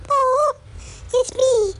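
Squeaky little creature, sad and slow, comedy podcast bit. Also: male voice, fairly bright tone, full character voice. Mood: mournful. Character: tiny squeaky sorrowful creature.

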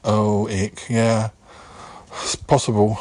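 A man in a comedy sketch who reassures gently and hesitantly, often stammering as he talks. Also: lowish voice, flat delivery, slow pace, no room sound. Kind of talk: comic sketch dialogue.

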